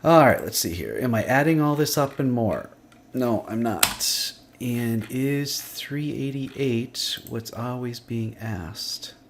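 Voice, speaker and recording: A man's voice: mid-range voice, lively intonation, slow pace, slight background noise. A man teaching a screen-recorded spreadsheet lesson, thinking aloud and muttering to himself as he works. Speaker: instructor. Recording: faint clicking and typing behind.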